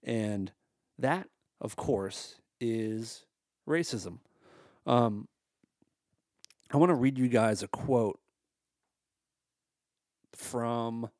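This married adult man hosts a comedy podcast, delivering a casual monologue that's exasperated, sarcastic and laced with swearing. His voice is medium-pitched and darkish, recorded at studio quality with no room sound.

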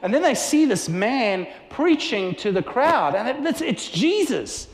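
Male preacher, fairly high voice, animated storyteller; roomy hall reverb. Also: a little slow. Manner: animated storytelling with acted-out dialogue. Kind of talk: sermon. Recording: echoey hall with long reverb.

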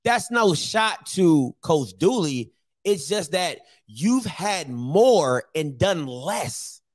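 A man hosting opinionated sports commentary, blunt, joking and repetitive in an animated way. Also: on the high side, extremely slow, no echo, studio quality.

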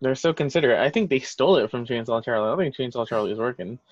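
A man's voice: mid-range voice, animated, rapid-fire, no echo, dull audio. A man co-hosting a wrestling podcast, rambling through casual chat with lots of fillers and restarts. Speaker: podcast co-host.

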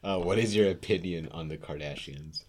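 A man's voice: deep voice, normal speed, a little mellow, husky. A young man hosting a podcast in casual chat, joking and teasing his friends. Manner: joking, teasing, laughs often. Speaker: podcast host.

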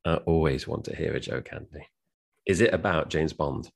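Very deep gravelly man. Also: moderate pace. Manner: says he can't do accents, reads quotes plainly. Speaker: podcast co-host. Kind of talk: casual film review chat.

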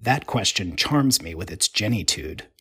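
Husky man reading a wry story. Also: on the low side, animated, unhurried, sharp tone, dry recording. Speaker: narrator.

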